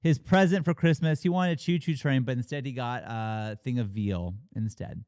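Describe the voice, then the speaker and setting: Animated man recapping a film, swearing freely. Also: normal speed, clean tone, no room sound, studio quality. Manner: animated retelling, acting out characters' lines with big pitch jumps; frequent swearing and fillers. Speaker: podcast co-host reviewing a film. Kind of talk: casual chat.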